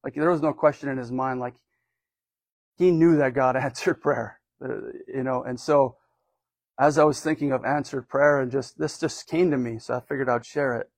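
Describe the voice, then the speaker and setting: A man's voice: mid-range voice, fairly even intonation, normal speed, no echo. A man from the United States giving an informal sermon in a loose, rambling way, with many fillers and restarts. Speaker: preacher.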